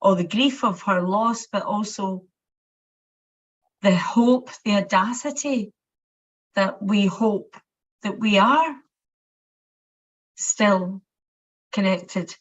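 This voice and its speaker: A Scottish woman speaks in a middle-pitched voice, sharing personal reflections in a halting way and often repeating words. The recording is muffled and lo-fi. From Scotland. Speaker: workshop participant. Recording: muffled lo-fi audio.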